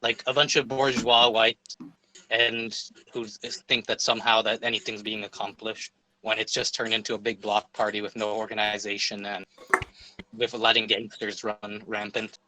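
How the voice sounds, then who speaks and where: A young man as a guest in a casual livestream chat, opinionated and halting, with repeated words. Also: lowish voice, flat delivery, bright, forceful tone, poor audio.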